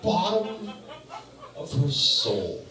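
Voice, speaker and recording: A male stand-up comic tells a profane, animated story in a bar, and his bright, high-ish voice jumps all over the place. He sounds a little far from the mic, and the room rings with echo. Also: drawn-out words. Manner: profane, animated storytelling with sudden loud outbursts. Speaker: stand-up comedian. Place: bar stage. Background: audience laughter.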